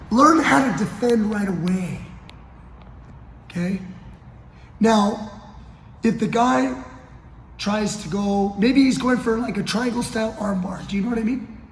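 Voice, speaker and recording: A man's voice: high voice, a little slow, pauses often, slight background noise. A man coaching grappling as he demonstrates a technique on the mats, often checking in with his partner as he goes. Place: training gym on the mats. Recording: echoey gym with long reverb.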